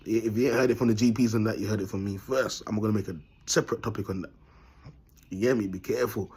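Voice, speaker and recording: A husky-voiced man speaks straight to camera in a loose, rambling monologue. He talks bluntly, piles on street slang and breaks into laughter often. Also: fairly low pitch, steady tone, quick pace, darkish tone. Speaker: vlogger.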